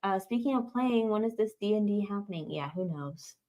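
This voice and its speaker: A woman co-hosting a livestream, chatting casually and easygoing, pausing with frequent filler ums. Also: mid-range voice, expressive, mellow. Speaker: livestream co-host. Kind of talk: casual chat.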